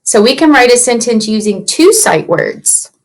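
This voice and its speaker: A woman teaching young children a writing lesson from her computer, slowly and patiently sounding out letters and words. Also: a little high, very animated. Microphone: computer mic.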